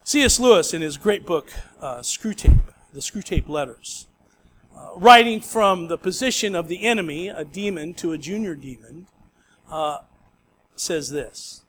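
A man's voice: high voice, lively intonation, measured pace, fairly bright tone. A male pastor preaching a sermon in a conversational storytelling way.

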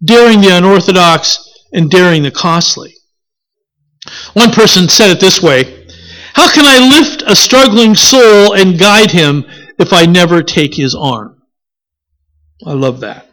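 A preacher delivering a sermon in an expressive style, asking the congregation questions and correcting themselves as they go. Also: mid-range voice. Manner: corrects themselves mid-sentence.

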